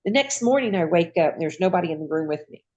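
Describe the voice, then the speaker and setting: A woman, a retired nurse, telling her own patient story in a lively, folksy conversational way. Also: fairly low pitch, fast, highs cut off. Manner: lively, acts out voices in quoted dialogue. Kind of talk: personal storytelling.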